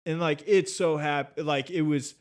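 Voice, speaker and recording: A man's voice: fairly high pitch, fairly even intonation, moderate pace. A young man hosting a casual podcast chat, laid-back and rambling, swearing often. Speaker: podcast host.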